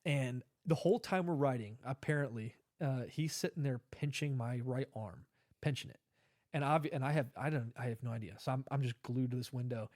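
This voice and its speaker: A man, an Army veteran guesting on a podcast, tells a long personal story in a casual interview, speaking briskly in a mid-range, darkish voice. He rambles with many fillers and restarts and acts out quoted dialogue. The studio-quality recording has no echo.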